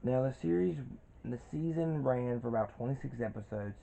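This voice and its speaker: In a dull lo-fi recording, a man in his twenties rambles through a casual cartoon review, restarting often and leaning on fillers. His voice is medium-pitched, brisk and warm, with some vocal fry.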